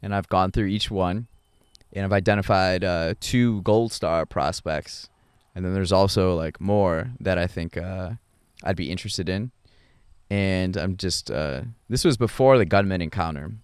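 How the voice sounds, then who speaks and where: A young adult man hosting a podcast, talking through his thoughts in a rambling, halting way with many fillers and restarts. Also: deep voice, clean tone, dry recording, studio quality. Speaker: podcast host. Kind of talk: casual reflective monologue.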